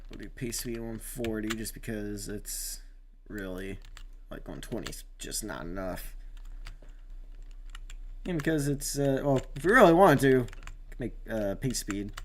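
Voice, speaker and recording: A man commentating his own sim race on a live stream, rambling with many fillers and sudden excited outbursts. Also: on the low side, a little slow, long pauses, slight background noise.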